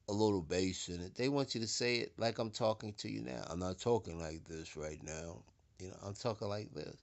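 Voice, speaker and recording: A man giving a preaching-style lecture, deliberate and repetitive, swelling louder to stress his points. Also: medium pitch, vocal fry. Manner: deliberate, repeats words, swells louder for emphasis. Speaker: speaker giving a talk.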